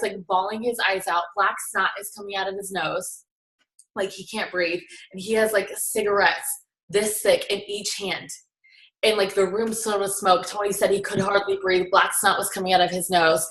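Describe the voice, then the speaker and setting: A woman's voice: mid-range voice, steady tone, normal speed, a bit bright. Chatty young woman, roomy echo. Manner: chatty, full of "like" fillers. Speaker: guest recapping a seminar. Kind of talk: casual storytelling.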